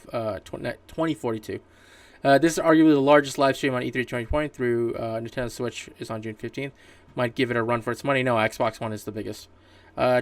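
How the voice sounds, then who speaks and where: Male podcast host, gravelly voice, loose rambling delivery, dry room, mic set back from him. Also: medium pitch, no room sound, recorded from a distance. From Canada. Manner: rambling, many fillers and restarts. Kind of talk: casual solo gaming news commentary.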